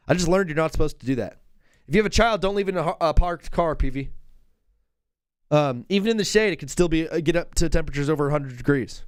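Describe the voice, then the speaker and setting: A man hosting a live basketball call-in show, talking in an excitable, joking, rambling way. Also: on the high side, quick pace, clean tone, no room sound. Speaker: host.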